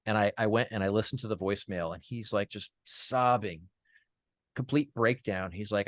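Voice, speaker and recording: A man's voice: fairly low pitch, moderate pace, no room sound. Man telling an earnest story, dry sound. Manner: earnest, many fillers and restarts. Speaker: guest. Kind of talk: reflective storytelling interview.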